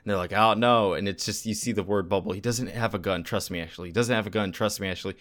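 A man's voice: on the low side, fast, a bit bright. A man co-hosting a casual comic book podcast, rambling through the story and reading comic panels aloud. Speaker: podcast co-host.

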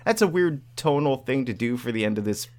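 A man's voice: medium pitch, animated, fairly quick, a little mellow. A man casually recapping a comic book story for friends, acting out the characters' lines as he goes. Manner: recaps plot, acting out quoted lines with laughs.

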